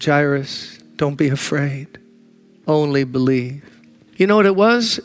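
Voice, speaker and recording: A man preaching a sermon with deep emotion, moving between urgent, rising declarations and low, hushed passages. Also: vocal fry. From United States. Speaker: pastor.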